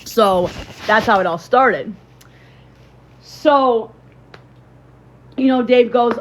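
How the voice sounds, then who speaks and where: A woman's voice: fairly high pitch, very slow, long pauses. A young woman from Illinois chatting casually on a livestream and telling a rambling story to her viewers, full of fillers and restarts.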